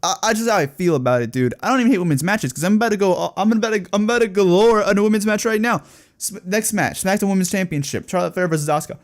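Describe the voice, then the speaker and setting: A man's voice: high voice, fast talker. Profane, opinionated young man ranting. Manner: profane, opinionated, rants and gets excited. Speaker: wrestling podcaster. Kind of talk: casual solo commentary.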